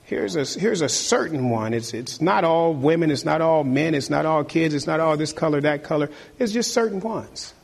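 Husky-voiced man preaching emphatically. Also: a little high, lively intonation, moderate pace, hardly any pauses. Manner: emphatic, repeats key phrases, exhorts listeners. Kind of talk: sermon.

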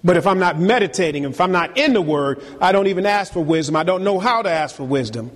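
A middle-aged man preaching a sermon as pastor, animated and teasing, calling on the congregation for amen. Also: high voice, fast talker. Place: church sanctuary. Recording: long reverb of a hall.

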